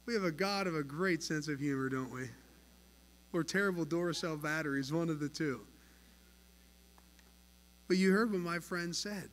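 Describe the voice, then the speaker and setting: A man preaching a sermon at an evening church service, earnest and emphatic, swinging between soft, low passages and louder pushes. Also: normal speed, long pauses. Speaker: pastor. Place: church sanctuary. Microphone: pulpit mic.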